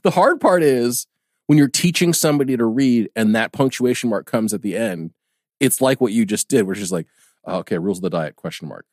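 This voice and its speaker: Lively-voiced man in playful podcast chat. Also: mid-range voice, a little fast, no room sound, studio quality. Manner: laughs often, playful teasing. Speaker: podcast co-host. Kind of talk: casual chat.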